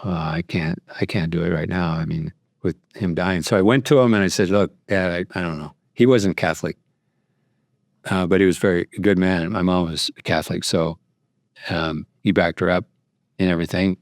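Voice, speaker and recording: A man's voice: low voice, no echo, clean studio sound. A middle-aged man, a priest, telling a personal story at a luncheon in a rambling, anecdotal way with many fillers and restarts. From United States. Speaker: priest and guest speaker.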